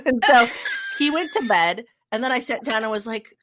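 A woman co-hosting a podcast, chatting casually and acting out quotes in a lively, swearing storytelling manner. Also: a little high, normal speed, noisy background. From California. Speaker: podcast co-host. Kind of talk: casual chat.

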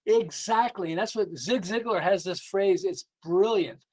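A man's voice: sits high, unhurried, poor audio. An older man, a guest being interviewed as a sales and behavior coach, telling stories animatedly and acting out voices. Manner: animated, acts out quoted voices, laughs often. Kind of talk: lively interview storytelling.

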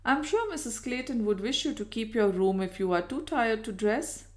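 Woman reading as a gentle coaxing colonel husband. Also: fairly high pitch, animated, normal speed, natural voice. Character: kind coaxing middle-aged husband, a colonel.

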